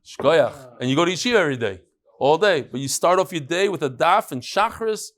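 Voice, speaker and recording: A man's voice: on the high side, lively intonation. A man, teaching a daily Talmud class, reading out emails and names in a chatty way before a live group in a study hall. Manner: warm, chatty, reads out names and letters quickly. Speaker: Daf Yomi teacher.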